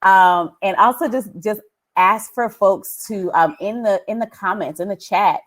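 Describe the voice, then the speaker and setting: A woman moderating an online panel over a video call, chatty and relaxed, with a light lilt. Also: mid-range voice, measured pace. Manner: warm, chatty, laughing asides. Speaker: event moderator.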